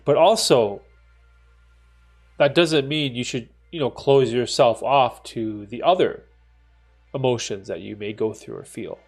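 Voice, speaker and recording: A man's voice: mid-range voice, unhurried, long pauses, slightly rough, faint music behind. A man with a stuffy, congested voice, casually chatting with viewers on a live stream and reacting to their messages. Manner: reads chat messages aloud and reacts, conversational with many fillers. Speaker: streamer answering chat.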